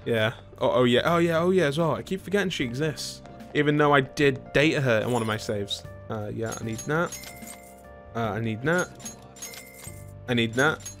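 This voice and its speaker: A man's voice: medium pitch, moderate pace, fairly bright tone, faint music behind. Rambling British man streaming a game. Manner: rambling, self-mocking, talks to chat. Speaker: gaming streamer. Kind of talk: casual let's-play commentary.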